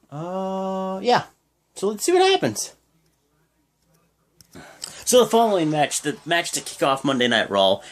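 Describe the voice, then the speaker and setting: A young adult vlogger giving a rambling, casual play-by-play recap of a wrestling show, often stopping to recall details. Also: medium pitch. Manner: rambling, full of fillers and restarts.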